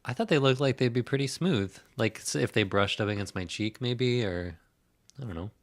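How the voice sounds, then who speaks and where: A man's voice: medium pitch, moderate pace. A man co-hosting a casual podcast, dropping dry, wry remarks. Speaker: podcast co-host. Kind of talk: casual chat.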